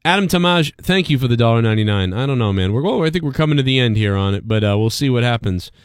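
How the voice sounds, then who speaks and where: A man's voice: medium pitch, animated, fast talker, clear, resonant tone, dry recording, studio quality. A man hosting a livestream, talking bluntly and profanely in rambling casual chat. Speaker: livestream host.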